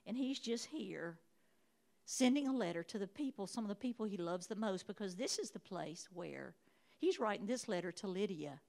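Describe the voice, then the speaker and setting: A woman's voice: mid-range voice, lively intonation, moderate pace, gravelly. A woman preaching a sermon in a church, emphatic and repeating her phrases. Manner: emphatic, repeating phrases, rising to shouts of praise.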